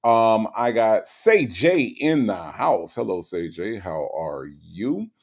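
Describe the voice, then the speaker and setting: A man hosting a casual livestream, greeting viewers by name and reading their comments aloud. He talks in a relaxed way that swings between quiet mumbles and sudden loud bursts. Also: fairly low pitch, slow. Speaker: livestream host.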